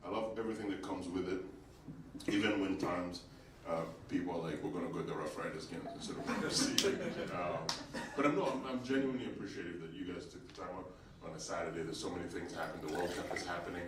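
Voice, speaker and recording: A man's voice: low-pitched, fast. A man from Uganda doing a stand-up set, telling stories with acted-out voices and chatting with the audience. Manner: animated storytelling, acts out quoted voices, chats with audience. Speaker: stand-up comedian. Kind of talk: stand-up comedy set with crowd work. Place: comedy club stage with a live audience. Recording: roomy, distant club recording with audience noise.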